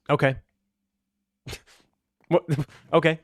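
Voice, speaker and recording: Guy chatting over his gameplay, kinda high voice, earnest and argumentative, says "like" a lot. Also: moderate pace, no room sound, clean studio sound. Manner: earnest, argumentative, frequent "like" fillers. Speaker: gaming video creator. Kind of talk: casual commentary over gameplay.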